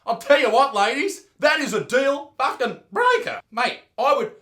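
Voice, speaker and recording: A young Australian man doing loud, profane comedic commentary, mocking and ranting as the host. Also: very high voice, very animated, moderate pace, few pauses, reverberant. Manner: loud, sweary, mocking rants.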